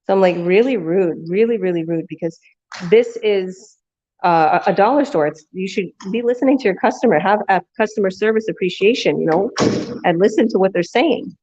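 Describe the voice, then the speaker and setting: A woman vlogger, medium-pitched and animated with a darkish tone, talks a little fast over lo-fi audio. Her long, casual anecdote rambles, with restarts and quotes she acts out.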